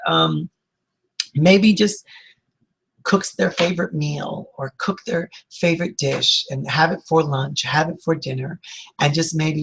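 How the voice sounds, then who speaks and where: Gravelly, husky-voiced man giving upbeat advice. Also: on the high side, poor audio. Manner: earnest and upbeat, rambling with fillers and restarts. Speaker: licensed counselor giving motivational advice. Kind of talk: informal motivational talk.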